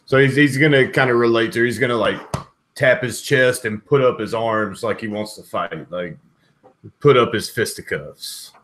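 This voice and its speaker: A man's voice: mid-range voice, normal speed, fairly bright tone. A man playing a tabletop game, casually describing his character's actions. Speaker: player.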